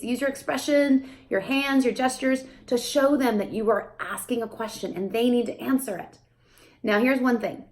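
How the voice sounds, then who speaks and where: Woman, speech therapist, casual explaining, sing-song toddler-talk demos, mid-pitched voice. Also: animated, moderate pace. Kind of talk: casual teaching to camera.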